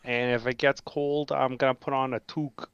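A man's voice: medium pitch, flat delivery, normal speed, fairly bright tone, smooth, no echo, muffled recording. A man, hamming up hockey-guy banter as a podcast guest. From Canada.

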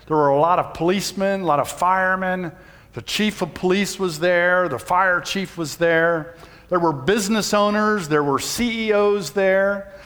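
Folksy pastor, big hall reverb. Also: male voice, on the high side. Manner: folksy storytelling, shouts when reenacting. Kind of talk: sermon with personal story. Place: church sanctuary.

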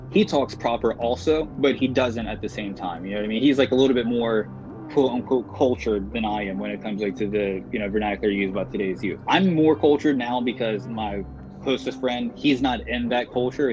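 Podcast guest guy telling long stories, talks kinda proper, lots of "like" and "you know", muffled audio with clear music under it. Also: medium pitch, moderate pace. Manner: talkative storyteller, proper speech, frequent fillers. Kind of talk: casual podcast chat.

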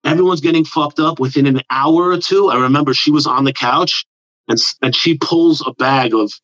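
A man's voice: fairly high pitch, normal speed, dry recording. A man, telling a rambling, profane story in casual podcast chat. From New York area. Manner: profane, rambling, animated with put-on quotes. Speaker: comedian guest. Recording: dull lo-fi dry sound.

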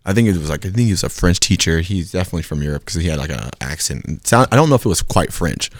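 A man's voice: sits low, sing-song, very fast, no room sound, clean studio sound. A young man co-hosting a podcast, rambling animatedly with restarts in crude banter. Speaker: podcast co-host.

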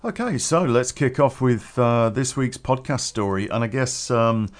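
A man's voice: mid-range voice, lively intonation, a little slow. A man hosting a solo podcast, rambling in casual chat, chuckling often and swearing freely. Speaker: podcast host.

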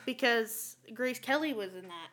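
A woman's voice: fairly high pitch, moderate pace. A woman co-hosting a podcast in casual, rambling chat, laughing often. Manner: giggly, rambling and animated. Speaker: podcast co-host.

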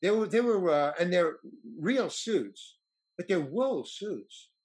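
A man's voice: high voice, slow, breathy edge. A man telling a long anecdote in casual chat, acting out the voices of people he quotes. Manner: animated, acts out quoted voices. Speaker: storyteller guest.

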